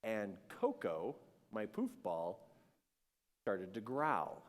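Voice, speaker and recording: Animated man telling a spiritual story. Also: on the low side, drawn-out words, big-room sound. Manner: animated, acts out scenes, swings between hushed and shouting.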